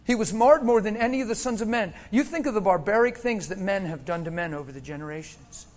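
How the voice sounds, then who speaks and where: A man from Pennsylvania preaching a sermon, swinging from shouts down to hushed near-whispers and laughing often as he talks. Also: high-pitched, lively intonation, fast talker.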